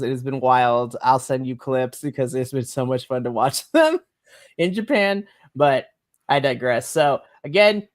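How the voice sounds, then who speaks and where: An enthusiastic podcast co-host recapping wrestling in a rambling, giggly casual chat on a home stream mic. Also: mid-range voice. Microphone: home mic on a live stream.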